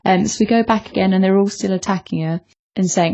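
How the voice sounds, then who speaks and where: A woman co-hosting a podcast in relaxed casual chat, giving her opinions on a manga chapter. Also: medium pitch, fast, creaky, lo-fi sound. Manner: relaxed, opinionated, with fillers and restarts. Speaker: podcast co-host.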